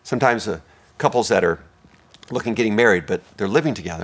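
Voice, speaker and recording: A man preaching a sermon as pastor, swinging between hushed, intimate lines and loud, emphatic ones. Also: fairly low pitch, animated, quick pace.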